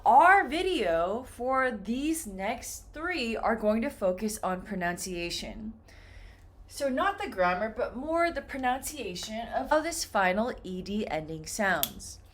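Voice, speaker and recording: Slow, lively woman teaching English. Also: on the high side. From United States. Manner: slow, clearly modeled example words. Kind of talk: classroom lesson on pronunciation.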